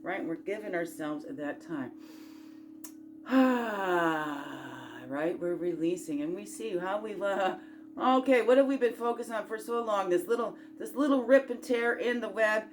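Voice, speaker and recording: A woman hosting a casual self-growth chat, folksy and encouraging, rambling through asides and rhetorical questions, sometimes bursting out loud and sometimes dropping to a murmur. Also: medium pitch, a little slow, a little hiss or hum. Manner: swings between loud bursts and quiet murmurs. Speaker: spiritual self-growth host.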